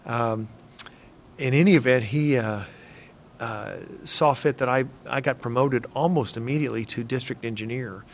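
An older man with a gravelly voice, telling stories from his engineering career in a relaxed interview. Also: medium pitch, moderate pace, slight background noise. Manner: relaxed anecdotal telling with soft laughs. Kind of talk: reflective storytelling interview.

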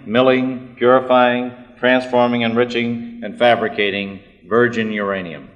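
A man giving a formal technical talk, measured and precise. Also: medium pitch, a bit bright. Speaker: speaker giving a technical address. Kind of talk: formal lecture. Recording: long hall reverb.

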